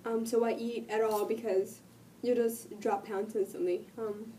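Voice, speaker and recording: A woman vlogging while sick, her voice cracking and dropping out, talking earnestly and rambling with many pauses. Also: a little high, little pitch movement, dark tone, distant mic, slight background noise. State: sick, voice cutting in and out. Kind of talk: casual talk to camera.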